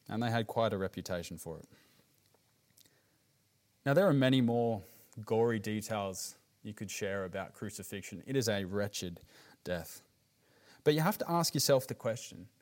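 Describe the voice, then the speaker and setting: A man with an Australian accent preaching a sermon as pastor, earnest and emphatic, dropping his voice low on grave words.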